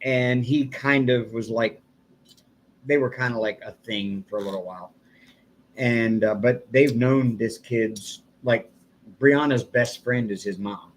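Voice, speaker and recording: A man's voice: medium pitch, measured pace, a little hiss or hum. An older man hosting a casual live stream, telling a long rambling story and chuckling often. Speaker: livestream host.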